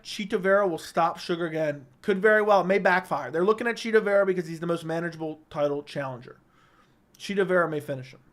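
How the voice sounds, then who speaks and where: Young male streamer, higher voice, blunt quick takes, home studio mic. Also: a bit bright. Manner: blunt, opinionated, quick verdicts. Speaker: livestream host reading viewer comments. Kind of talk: casual livestream chat. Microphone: studio microphone.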